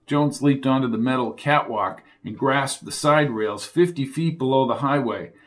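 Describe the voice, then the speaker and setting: A man reading a crime thriller audiobook with steady, driving storytelling. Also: medium pitch. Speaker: audiobook narrator. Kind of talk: scripted thriller narration.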